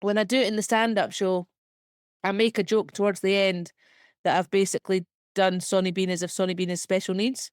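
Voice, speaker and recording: A woman's voice: medium pitch, flat delivery, no echo. Chatty young Scottish woman, dry sound. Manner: chatty, filler-heavy, quick self-deprecating laughs. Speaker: comedian and actor guest. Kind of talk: casual podcast interview.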